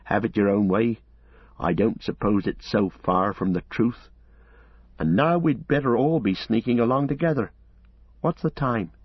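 Man playing a loyal blunt servant, homely plain talk, lowish husky voice, dry muffled read. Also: unhurried, no echo. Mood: apologetic. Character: loyal, blunt male servant, stout-hearted. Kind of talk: audiobook character voice.

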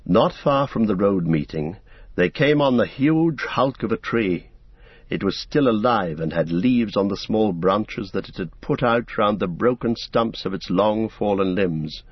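A man narrates a novel steadily in a lowish, husky voice with lively pitch movement. The recording is dull and lo-fi, with no room sound. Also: unhurried, no room sound. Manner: steady storybook reading. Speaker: audiobook narrator. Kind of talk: scripted narration.

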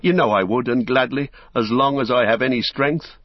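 A man voicing a loyal, gentle male hobbit servant who speaks earnestly and tenderly. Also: medium pitch, moderate pace, no room sound, highs cut off, voice pushed up, natural voice.

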